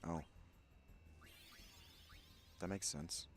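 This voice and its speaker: A man's voice: extremely slow, soft background music. A man casually commenting as he plays a game, chatty and reflective. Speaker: game streamer.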